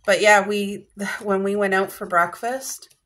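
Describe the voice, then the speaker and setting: A woman chatting casually at home in a vlog, lively and quick to gasp and laugh. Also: medium pitch, a little hiss or hum. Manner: animated, gasping and laughing, emotional. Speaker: vlogger.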